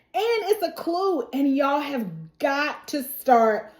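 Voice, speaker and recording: Sassy, animated woman recapping a show. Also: sits high, takes it slowly, roomy sound. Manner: animated, sassy asides, laughs often. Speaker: TV recap host. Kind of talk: casual recap and reaction.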